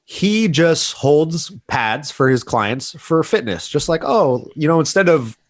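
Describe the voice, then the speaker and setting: A man's voice: on the high side, lively intonation, slow pace, no echo. A man co-hosting a casual podcast over a video call, brash and swearing freely. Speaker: podcast co-host. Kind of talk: casual chat.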